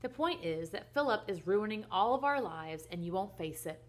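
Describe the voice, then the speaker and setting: A woman voicing a bossy, dramatic eleven-year-old girl from a storybook who speaks in a loud, haughty, whiny tone. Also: medium pitch, animated, normal speed, close to an everyday voice. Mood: haughty whining.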